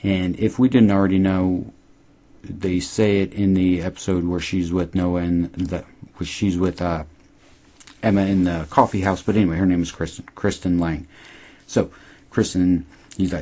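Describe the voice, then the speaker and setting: A man casually recapping a TV episode, rambling and swearing, quoting characters in high mocking voices. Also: normal speed, dark tone. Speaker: podcast host recapping a TV episode. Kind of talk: casual chat.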